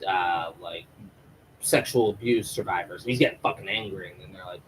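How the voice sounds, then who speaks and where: A man's voice: sits low, moderate pace, a little hiss or hum, low-quality recording. A man recapping a TV episode live, rambling and swearing freely as he retells the plot. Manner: rambling, profane, animated. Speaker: TV show reviewer.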